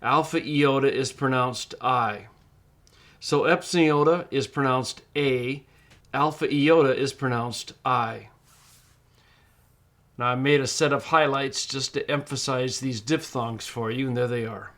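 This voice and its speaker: A middle-aged man teaching in a screencast tutorial, explaining step by step and slowing down to model words. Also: mid-range voice, a bit bright. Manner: patient, explains step by step, slows down to model pronunciation. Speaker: Greek teacher.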